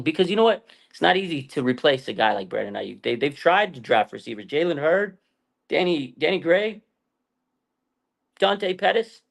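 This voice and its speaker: Rambling man talking football. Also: medium pitch. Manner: rambling, conversational, frequent fillers and restarts. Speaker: fan channel host. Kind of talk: casual sports talk livestream.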